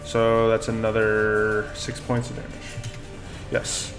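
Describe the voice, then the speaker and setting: A man acting as game master on a live stream, narrating turns and damage in a relaxed, chuckling way. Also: on the low side, takes it slowly, faint music behind. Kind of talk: running a tabletop game.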